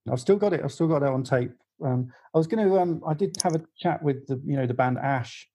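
Middle-aged male guest, music journalist, warm low-key tone, chatty rambling anecdotes. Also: fairly quick, breathy edge, poor audio. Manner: rambling storyteller with many fillers and restarts. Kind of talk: casual podcast anecdote.

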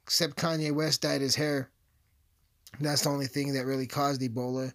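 A man's voice: medium pitch, little pitch movement, moderate pace, fairly bright tone. A man delivering a rambling, profane comedic rant as a vlogger, full of asides and swearing.

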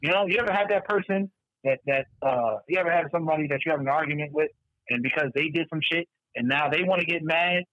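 A man co-hosting a casual podcast chat, animated and profane, who acts out the people he quotes in raised voices. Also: on the high side, fast talker, no echo, muffled recording. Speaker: podcast co-host.

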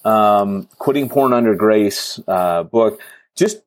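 A man's voice: fairly low pitch, takes it slowly, no room sound. A man hosting a podcast interview, talking in a rambling, jokey way and often interrupting himself. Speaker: podcast host. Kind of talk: casual interview chat.

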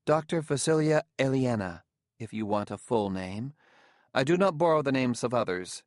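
In an audiobook, a man voices a cool, imperious woman scientist, pitching above his own voice though staying close to an everyday register at medium pitch. Her clipped, commanding tones are expressive and haughty at a moderate pace, recorded in studio quality with no echo.

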